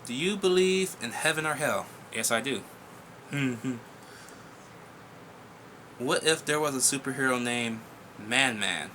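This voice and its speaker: A young man hosting a casual viewer Q&A vlog, blunt, profane and excitable as he reads and answers questions. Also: medium pitch, unhurried, long pauses, slight background noise.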